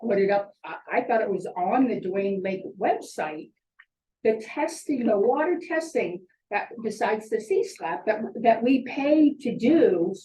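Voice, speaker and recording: A woman's voice: medium pitch, animated, unhurried, warm tone. A woman on a lake association board speaking at a town hearing, meandering with many fillers. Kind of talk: public comment. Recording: echoey room from far off.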